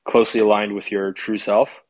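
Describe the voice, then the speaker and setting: Male podcast host, very low voice, thoughtful and hesitant delivery. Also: little pitch movement, moderate pace, rough recording. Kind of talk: interview conversation.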